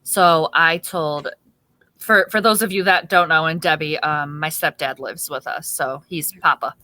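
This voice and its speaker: Bright-voiced woman podcast co-host. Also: low voice, unhurried, dry recording. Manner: animated storyteller acting out quotes. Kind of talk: casual chat.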